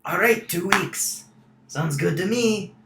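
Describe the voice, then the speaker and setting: A man playing a brash, shouting ship captain. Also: high-pitched, takes it slowly, slight background noise, pitched above the performer's own voice, exaggerated voice. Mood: cheerful. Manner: shouting, crude, upbeat. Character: brash loud male ship captain, gruff and cheerful. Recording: roomy echo.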